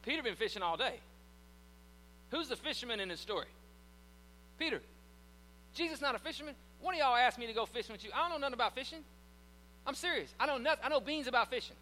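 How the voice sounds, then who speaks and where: A man with a high, ringing voice preaches in a drawl, folksy and full of jokes. His sermon carries a long echo through a church hall, with a low mains hum underneath. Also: animated, fast talker, pauses often, pushed and bright. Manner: folksy, joking, conversational preaching. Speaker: pastor.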